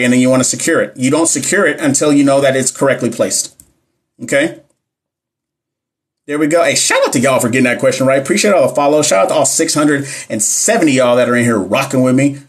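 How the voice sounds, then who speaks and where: A fast-talking man runs a casual live stream as a nurse educator. His voice sits at a middle pitch, and his speech is slangy as he addresses the chat directly. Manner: fast-talking, talks fast all the time.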